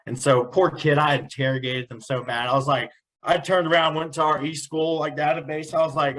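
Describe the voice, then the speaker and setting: A man's voice: a little high, steady tone, brisk, fairly bright tone, rough recording. A young adult man, a teacher on a podcast, telling a personal story in an earnest, casual way and often repeating words. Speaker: podcast guest, special education teacher.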